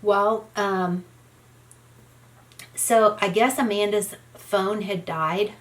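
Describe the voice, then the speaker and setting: A woman's voice: mid-range voice, steady tone, very slow. A middle-aged woman tells a story in a casual, rambling way while doing her makeup, with many "you know" fillers. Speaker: beauty vlogger.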